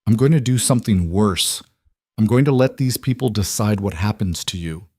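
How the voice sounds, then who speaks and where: Defiant young fighter woman, low dry read, done by a male narrator. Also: animated, normal speed, mellow, no room sound. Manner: defiant, cutting. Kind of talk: scripted storybook voice.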